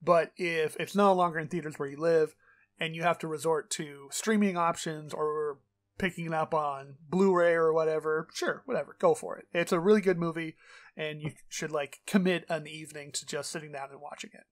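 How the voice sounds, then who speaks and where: A man co-hosting a podcast in casual chat, rambling and animated, with lots of fillers and swearing. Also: on the high side, a little fast. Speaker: podcast co-host.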